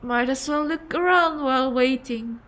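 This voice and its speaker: A woman's voice: high voice, moderate pace, a bit bright. A woman streamer giving emotive let's-play commentary and reacting aloud as she plays.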